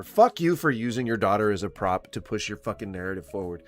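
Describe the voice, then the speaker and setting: A man's voice: fairly low pitch, very animated, quick pace, hardly any pauses, soft background music. A man giving profane, mocking reaction commentary, often breaking into laughter. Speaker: commentary YouTuber. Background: faint smooth jazz.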